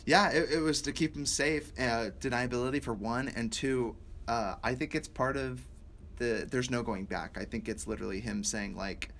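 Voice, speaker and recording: A man co-hosting a casual movie review chat, animated and laughing often as he acts out lines. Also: medium pitch, moderate pace, a little hiss or hum. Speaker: podcast co-host.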